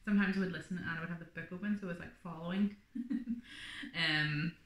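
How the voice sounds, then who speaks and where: A woman's voice: fairly low pitch, fairly even intonation, fairly quick, fairly bright tone, roomy sound. A woman vlogger telling her birth story in a chatty, rambling way, full of fillers. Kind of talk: casual birth story vlog.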